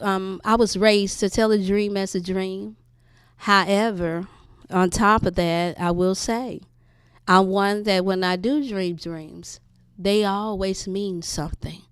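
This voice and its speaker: A woman's voice: clean tone, no echo, studio quality. A middle-aged woman hosting her wellness channel, giving an earnest, conversational personal testimony and speaking straight to her viewers. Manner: earnest, conversational, addresses audience as y'all; rises high and bright when excited.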